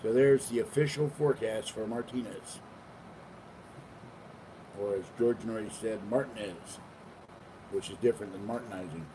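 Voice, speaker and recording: A man's voice: fairly low pitch, moderate pace, long pauses, recorded from a distance. An older man chatting in a meandering, casual way as he vlogs from home, now and then cooing to his cats. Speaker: vlogger. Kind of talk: rambling casual vlog. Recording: noisy home recording.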